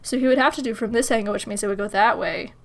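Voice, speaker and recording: A woman's voice: on the high side, quick pace. A woman casually commenting while playing a point-and-click game, giggling and swearing freely. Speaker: gamer. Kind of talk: let's play commentary.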